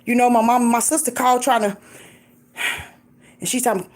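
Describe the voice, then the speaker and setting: High-voiced woman preaching encouragement. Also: normal speed. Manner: lively and emphatic, laughs often, swoops up and down in pitch. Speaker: faith vlogger.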